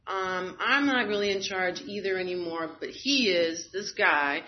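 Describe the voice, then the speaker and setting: This guest's voice sits on the low side, and she takes her time. Her personal story comes out frank and wry, dotted with fillers and laughter. The recording is a little dull, with faint noise.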